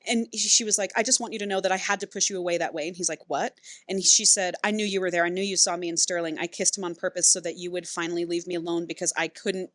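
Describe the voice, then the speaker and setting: Her voice fairly low and fast, a woman co-hosts a podcast and breezily walks through a romance novel's plot. She brings the characters to life by performing their dialogue, and there's no room sound.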